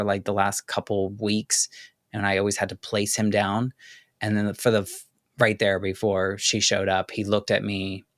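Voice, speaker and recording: Low-voiced man reflecting with emotion. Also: fairly bright tone, no room sound, studio quality. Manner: candid, halting, with many restarts and "like" fillers. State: choking up with emotion. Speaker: podcast host. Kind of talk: personal reflective monologue.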